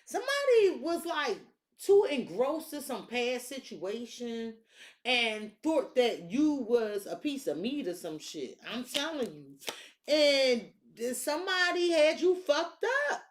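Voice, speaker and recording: Sassy woman doing a tarot reading, cussing a lot, kinda high voice, talks right at you. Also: takes it slowly. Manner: blunt, profane, sassy and animated; talks to the viewer and to the cards. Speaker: tarot reader.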